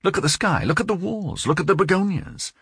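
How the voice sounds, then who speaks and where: A man reading an audiobook, voicing an obsessed, grief-stricken old man whose pitch leaps up sharply on words. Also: big pitch swings, brisk, creaky, a bit bright, slightly rough, dry recording, clean studio sound, heavily acted. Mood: agitated. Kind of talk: audiobook character voice.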